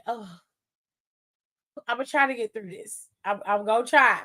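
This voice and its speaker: A woman with a high, bright-sitting voice tears through a wrestling recap in a casual, sassy way. She tells it with lots of animated emphasis and plenty of cussing, as if chatting with friends. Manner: animated, sassy, profane storytelling. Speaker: wrestling show commentator.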